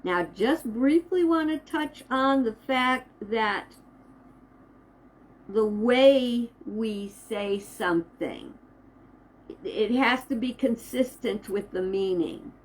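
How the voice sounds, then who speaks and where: A woman minister giving an inspirational talk to camera, slow and deliberate, with emphatic pauses. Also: on the high side, low-quality recording.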